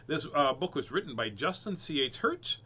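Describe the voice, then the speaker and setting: A man's voice: fairly high pitch, sing-song, moderate pace, sharp tone, breathy edge. Playful man reading storybooks aloud. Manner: playful, joking, with frequent laughs. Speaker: storyteller host. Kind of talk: reading picture books aloud.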